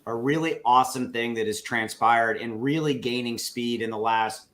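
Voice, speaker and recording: A man's voice: medium pitch, fairly even intonation, moderate pace, a bit bright. A man with a Texas accent making an earnest, emphatic point on a video call, with plenty of filler words. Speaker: crypto streamer. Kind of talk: casual live-stream chat.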